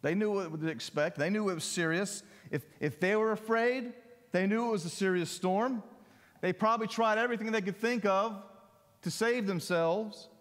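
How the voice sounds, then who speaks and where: A middle-aged man preaching a sermon, telling stories conversationally and lifting his pitch when he voices other people. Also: moderate pace, a bit bright. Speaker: pastor. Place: church sanctuary. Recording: long hall reverb.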